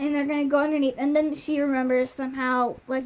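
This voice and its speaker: Talking fast in a steady, high-pitched voice, a young podcast host casually runs through a TV episode recap. She rambles, leans on fillers and sometimes loses her notes. The lo-fi recording is dull, with slight background noise.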